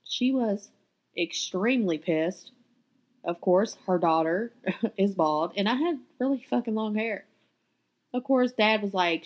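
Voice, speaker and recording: A woman's voice: mid-range voice, lively intonation, unhurried, low-quality recording. A woman hosting her own podcast, telling her life story in a raw, candid way and swearing freely. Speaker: podcast host. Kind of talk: confessional personal storytelling.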